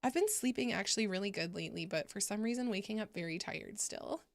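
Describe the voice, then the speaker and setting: Talking fast in a gravelly, mid-range voice, a young woman chats casually with viewers on her gaming stream, giggling and cursing without restraint. There's no room sound.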